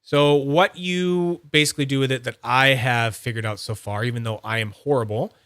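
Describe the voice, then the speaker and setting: A man hosting a fidget toy channel, chatting casually and excitably, rambling, teasing himself and greeting viewers by name. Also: mid-range voice, normal speed, clear, resonant tone, no room sound, clean studio sound. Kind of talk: casual rambling livestream-style review.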